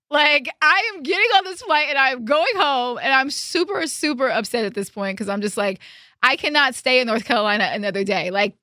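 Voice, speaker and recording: A young woman hosting a podcast, telling a story in a casual, animated and emphatic way, with some swearing. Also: a little high, no room sound, clean studio sound. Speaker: podcast host.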